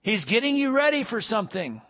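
A man's voice: high voice, sing-song, brisk, dull audio. A man preaching a sermon as pastor, calling out to the congregation with asides. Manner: preaching with call-and-response asides.

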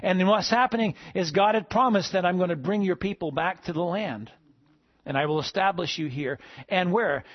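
Emphatic male preacher, slightly high voice. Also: moderate pace, no room sound, highs cut off. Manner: preachy, rising to emphatic peaks then dropping soft. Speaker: pastor. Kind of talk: sermon.

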